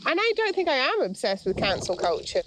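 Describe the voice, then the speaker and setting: A woman's voice: sits high, sing-song, fairly quick, background noise. A woman in her forties chatting frankly with a friend out on a hillside, telling stories and swearing casually. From Scotland. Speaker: filmmaker. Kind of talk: casual chat. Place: outdoors on a hillside.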